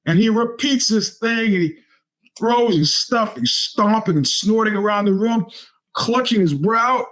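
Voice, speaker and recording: Podcast host: middle-aged New man, slightly raised pitch, loose rambling storyteller. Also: a little slow, a bit bright. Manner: rambling storyteller with many restarts and fillers. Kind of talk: casual monologue.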